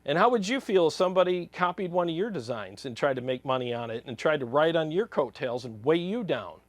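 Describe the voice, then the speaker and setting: A man's voice: a little high, animated, a little fast, no room sound. A man hosting a guitar channel, delivering a blunt, heated opinion rant to camera.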